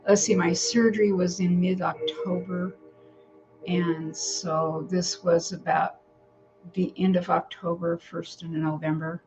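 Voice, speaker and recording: A woman's voice: fairly low pitch, level tone, measured pace, over music. A woman vlogger telling a personal story in a rambling, casual way, breaking off now and then to talk to her cats at home. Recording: dull lo-fi home recording.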